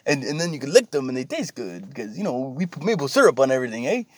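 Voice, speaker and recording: A man's voice: medium pitch, big pitch swings, fast talker, breathy edge, dry recording. A cheery, stereotypical Canadian with a broad, exaggerated Canadian accent, as a man puts him on. He ends everything with a bouncing "eh" in a dry, close recording. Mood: mock-cheerful. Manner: sing-song, ends lines with 'eh'.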